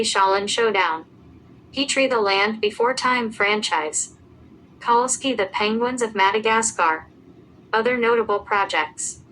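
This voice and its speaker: A woman's voice: medium pitch, fairly bright tone, a little hiss or hum, poor audio. Woman narrating lists of facts. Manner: reads lists of names and dates evenly. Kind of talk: scripted narration.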